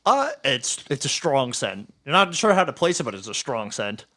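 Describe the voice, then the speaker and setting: A man's voice: medium pitch, very animated, sharp tone. Laughing, rambling game master man. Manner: rambling, hesitant, quick to laugh. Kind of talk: casual tabletop narration.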